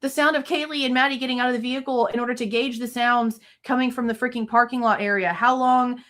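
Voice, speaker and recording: A woman's voice: on the high side, fairly even intonation, fast, a bit bright. A woman in her thirties hosting a true crime livestream, venting angrily with frequent swearing in casual commentary.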